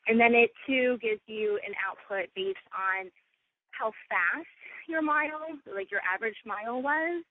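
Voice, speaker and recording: A woman's voice: fairly high pitch, a little slow, a little hiss or hum. A woman co-hosting a podcast, chatting casually with many fillers. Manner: chatty, filler-heavy, laughing easily. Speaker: podcast co-host. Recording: tinny phone-like sound.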